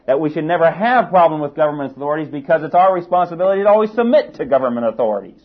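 A man's voice: fairly high pitch, lively intonation, rapid-fire, hardly any pauses. A man preaching a sermon, asking rhetorical questions and building to emphatic peaks. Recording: tinny phone-like sermon recording.

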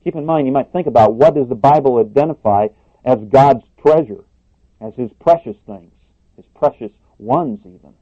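A man's voice: medium pitch, moderate pace. Male preacher, emphatic sermon delivery, dull lo-fi sound. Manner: emphatic, repeats words, rises on questions. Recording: muffled dry lo-fi recording.

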